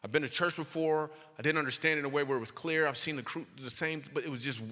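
Bright-voiced male comedian in a hall. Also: fast talker. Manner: animated, jumps high in pitch for punchlines. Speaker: stand-up comedian. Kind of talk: stand-up storytelling. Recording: long reverb of a hall.

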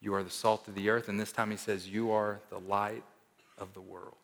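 A man preaching a sermon as pastor, emphatic, rising to loud stresses and dropping to soft endings. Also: fairly low pitch, level tone, normal speed. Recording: long reverb of a large hall.

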